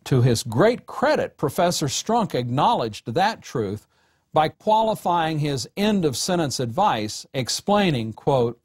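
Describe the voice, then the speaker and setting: A man giving a recorded lecture on writing, speaking in a measured, deliberate way and slowing down to read example sentences. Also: a little high, very animated, slightly rough, no echo, studio quality.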